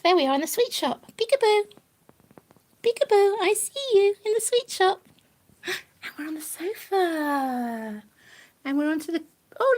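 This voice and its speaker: A woman on a home live stream, coaxing and cooing at her pet rabbit in sing-song baby talk. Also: high-pitched. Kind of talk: doting chat to a pet rabbit. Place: living room at home.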